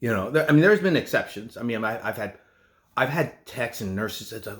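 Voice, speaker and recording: A middle-aged man, a nurse, talking in a casual vlog from his home kitchen, rambling and halting with many restarts. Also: lowish voice, lively intonation, fairly bright tone.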